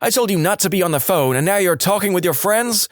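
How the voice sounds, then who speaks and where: A man voicing a furious middle-aged mother who shouts and curses. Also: high voice, expressive, fast, no room sound, clean studio sound, voice pushed up. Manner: shouting, cursing.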